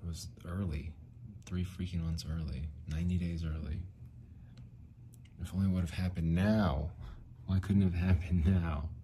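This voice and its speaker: A man's voice: low voice, fairly even intonation, moderate pace, pauses often, dark tone, slight background noise. A man hosting a casual solo podcast, rambling and frustrated, swearing often. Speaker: podcast host.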